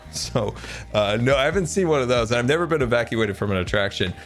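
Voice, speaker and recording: Chatty lively-voiced male streamer. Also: mid-range voice, a little fast, faint music behind. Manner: rambling, chatty, laughs often. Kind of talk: casual live-stream chat while gaming.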